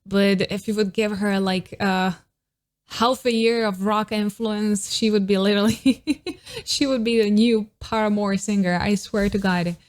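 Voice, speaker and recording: A woman's voice: mid-range voice, fairly even intonation, a little slow. A woman vocal coach giving reaction commentary on a singer, admiring and analytical, with technical vocal terms.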